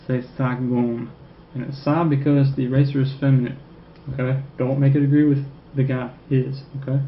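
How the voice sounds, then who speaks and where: Male French teacher, mid-pitched voice, tags "okay?" after every point, dull lo-fi recording. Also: fairly even intonation. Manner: checks in with "okay?" constantly, repeats French phrases slowly. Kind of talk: recorded classroom lecture. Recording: echoey room, dull lo-fi sound, faint noise.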